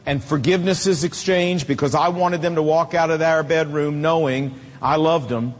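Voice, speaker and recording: A man's voice: fairly high pitch, fairly even intonation, normal speed, in a large hall. A middle-aged man preaching a sermon as pastor, driving his points home with emphatic repetition.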